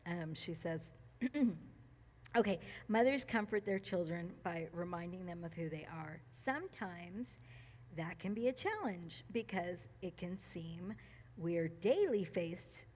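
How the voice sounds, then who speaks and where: A woman speaking at a church gathering, reading a passage and reflecting on it, emotional and quick to laugh, with many ums and restarts. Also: fairly low pitch, lively intonation, darkish tone. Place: church meeting room.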